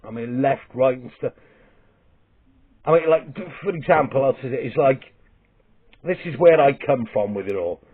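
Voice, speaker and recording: Mid-range and expressive, with a breathy edge, this Welsh vlogger-comedian speaks at a moderate pace broken by long pauses. His comic storytelling monologue wanders, blunt and sweary with restarts, on a tinny, phone-like recording.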